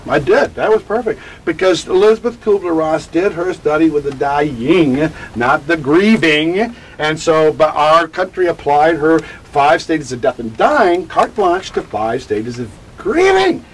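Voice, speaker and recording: Animated man explaining grief ideas. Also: fairly high pitch, unhurried, a little hiss or hum, rough recording. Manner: animated, digressive, acts out quotes. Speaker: grief educator. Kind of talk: interview answers.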